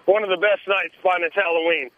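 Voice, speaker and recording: A man's voice: high-pitched, steady tone, brisk, slight background noise. A man calling in to a radio show from a haunted trail in the woods, rambling and laughing, with many fillers. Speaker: haunted attraction worker calling in. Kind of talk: casual phone call to a radio show. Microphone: phone. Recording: tinny phone line.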